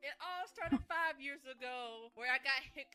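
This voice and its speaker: A woman streamer chats playfully over a story game, breaking into giggles and quick character impressions. Her voice sits high and bright, with music softly underneath. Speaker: variety streamer. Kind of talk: casual gameplay commentary.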